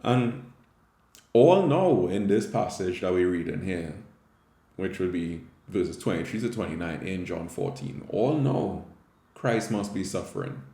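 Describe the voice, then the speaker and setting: A man's voice: low-pitched, expressive, measured pace, warm tone, echoey room. A man with a Caribbean English accent, a Catholic theologian and teacher, giving a conversational scripture reflection with frequent tag questions.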